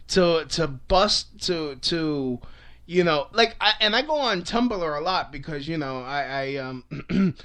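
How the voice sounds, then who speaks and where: A man's voice: a little high, a bit bright. A young man ranting to camera in a rambling, swear-filled, comic style. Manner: rambling, swears often, frequent restarts and laughs. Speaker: vlogger. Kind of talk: profane comedic rant.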